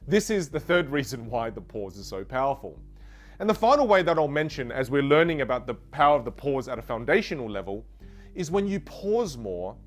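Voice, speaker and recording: A man teaching a communication lesson, energetic and full of rhetorical questions. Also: on the high side. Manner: energetic, rhetorical questions, demonstrates trailing off and fillers. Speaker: communication coach. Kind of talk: instructional lesson.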